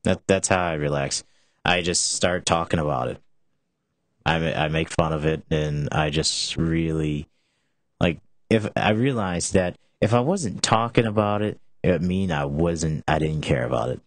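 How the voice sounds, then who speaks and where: Very deep-voiced young man hosting. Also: unhurried, dry recording. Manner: rambling, with many restarts and filler "like". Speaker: show host. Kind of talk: casual rambling talk show.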